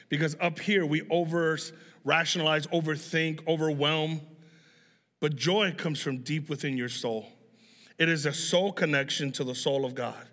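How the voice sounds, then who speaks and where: A man's voice: on the high side, fairly even intonation, unhurried, a bit bright, in a large hall. A young man, a pastor, preaching a sermon in a conversational, storytelling way.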